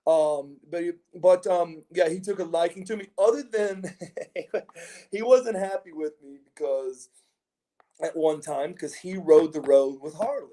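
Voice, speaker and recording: Mellow-voiced man telling rambling stories. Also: a little high, measured pace, slight background noise. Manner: rambling, repeats words and restarts, chuckles between stories. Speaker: interview guest, former pro wrestler. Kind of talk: casual anecdotal storytelling.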